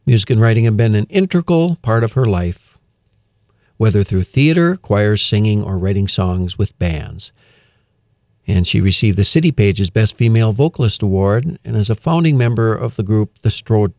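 Low, mellow-voiced male radio host. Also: moderate pace, no echo, clean studio sound. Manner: relaxed and chatty, with frequent "uh" fillers and chuckles; reads news items aloud in a light, amused tone. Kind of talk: casual radio hosting with announcements.

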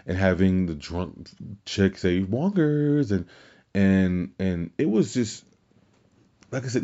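A podcast host with a deep, dark-toned voice rambles through casual solo commentary, full of restarts and filler words. He sounds tired and keeps fighting off yawns. The audio is dull and lo-fi.

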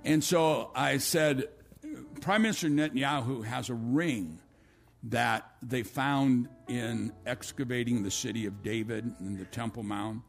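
Gravelly guy pastor rambling through a church story, restarting a lot, faint music under him. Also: medium pitch, measured pace. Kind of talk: sermon.

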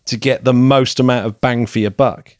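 A man's voice: mid-range voice, steady tone, normal speed, no room sound, clean studio sound. Chatty man who laughs easily. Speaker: podcast co-host. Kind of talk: casual chat.

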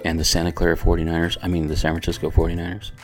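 A man's voice: deep voice, monotone, rapid-fire, soft background music. A man co-hosting a faith podcast from a church radio studio, chatty and upbeat, sometimes reading passages aloud. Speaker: podcast co-host. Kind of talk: casual radio chat.

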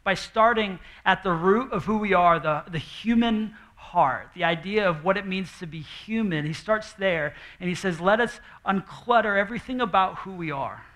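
A young man preaching a sermon from a church stage in an animated, conversational way. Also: sits high, normal speed, few pauses. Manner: animated and conversational, acting out quoted voices. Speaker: pastor. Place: church stage before a congregation.

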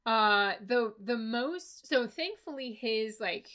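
A woman's voice: on the high side, lively intonation, slow, a bit bright. A woman co-hosting a podcast, recapping a book in casual chat with an exasperated, sarcastic and profane manner. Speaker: podcast co-host reviewing a book.

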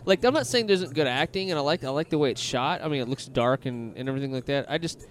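A man's voice: medium pitch, animated, quick pace. A man co-hosting a casual podcast chat, giving blunt, candid opinions. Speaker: podcast co-host.

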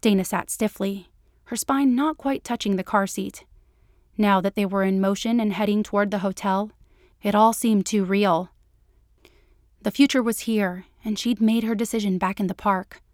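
A woman narrating a romance story in an even storytelling manner. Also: mid-range voice, moderate pace, no echo, clean studio sound. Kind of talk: audiobook narration.

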